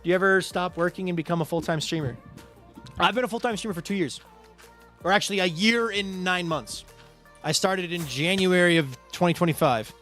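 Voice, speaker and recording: A man streaming a game, chatting casually and answering his viewers' chat with quick asides. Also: high voice, fairly bright tone, soft background music. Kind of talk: casual live-stream chat while gaming.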